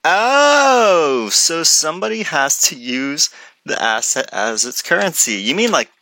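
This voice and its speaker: A man commenting excitedly on a conference video, rambling with many restarts and jokes. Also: medium pitch, moderate pace, dry recording.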